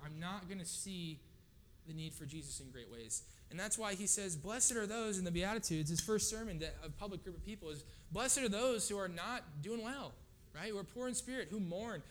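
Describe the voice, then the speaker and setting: Man, preacher, casual sermon, slightly high voice, faint room ambience. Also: mellow, slight background noise. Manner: casual, conversational, frequent "right?" asides.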